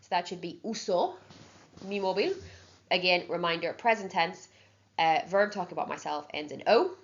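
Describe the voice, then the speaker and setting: A Spanish teacher prepares students for an exam, her fairly low voice animated and her pace normal. She breaks things down patiently, step by step, punctuating with frequent "okay"s. The audio is dull and lo-fi.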